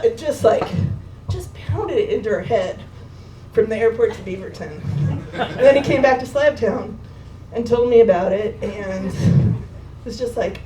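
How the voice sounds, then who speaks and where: A woman telling a personal story to an audience at a live gathering, lively and laughing, swearing freely. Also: fairly high pitch, measured pace. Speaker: speaker at a memorial gathering. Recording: roomy echo, distant mic, crowd noise.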